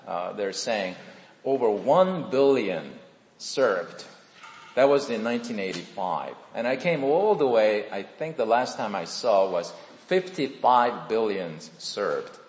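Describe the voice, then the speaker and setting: A man's voice: fairly low pitch, slight background noise. A middle-aged man with a Korean accent, preaching a sermon as pastor in a friendly, chatty way with self-deprecating asides. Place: church sanctuary. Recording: echoey hall with long reverb.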